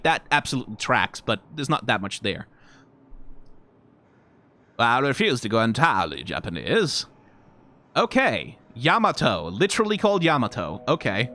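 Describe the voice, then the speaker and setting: A man reacting to game character designs in casual, rambling commentary, full of fillers, restarts and sudden excited jumps. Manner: rambling, frequent fillers and self-corrections; animated, pitch jumps when excited.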